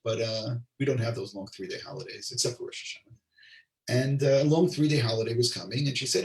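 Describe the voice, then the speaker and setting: Gravelly rabbi teaching in a roomy space. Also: male voice, on the high side, expressive, quick pace. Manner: translates Hebrew line by line, asides to audience. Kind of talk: Torah class storytelling. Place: lives in Israel. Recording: roomy sound, distant mic.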